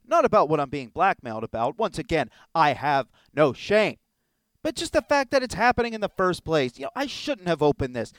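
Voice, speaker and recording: A man's voice: a little high, sing-song, a little fast, dry recording. A man hosting a comedy podcast, talking with exasperated, theatrical outbursts. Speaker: podcast host. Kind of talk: comedic sketch.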